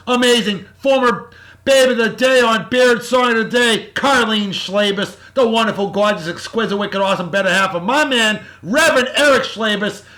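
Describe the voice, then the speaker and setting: A man hosting a casual beer-tasting vlog, talking in a loud, hyped-up, slangy way and sounding short on sleep. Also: sits high. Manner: boisterous, hyped-up, shouty slang-laden praise. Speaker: vlog host.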